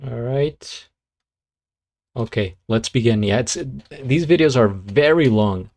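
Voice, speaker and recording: A man hosting a live reaction stream, chatting at an unhurried pace. He drifts between thoughts, corrects himself and fills the gaps with ums and likes. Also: medium pitch. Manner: relaxed, rambling, lots of fillers and self-corrections. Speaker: streamer reacting to beatbox videos. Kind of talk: casual live-stream commentary.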